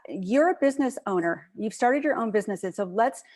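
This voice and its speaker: A woman's voice: a little high, expressive, a little fast, darkish tone. A woman hosting an interview, talking in an upbeat, motivational coaching way. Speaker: host. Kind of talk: casual video interview chat.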